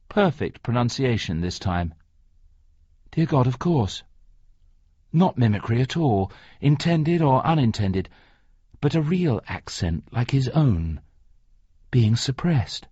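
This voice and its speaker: A man narrating an audiobook in a slow, deliberate reading. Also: medium pitch, sing-song, darkish tone, breathy edge, no room sound. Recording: dry, slightly muffled recording.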